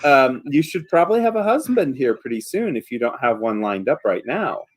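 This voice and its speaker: A man's voice: medium pitch, very animated, moderate pace. A man voicing a nosy middle-aged village mother who fusses and pries. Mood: prying. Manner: prying, fussy, meddling.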